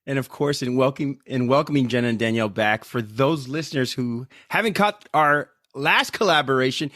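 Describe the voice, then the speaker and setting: A man's voice: on the high side, fairly bright tone, no room sound, studio quality. A man in his thirties hosting a podcast, opening with a wry scripted intro and joking with guests. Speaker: podcast host. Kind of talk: scripted show intro, then casual chat.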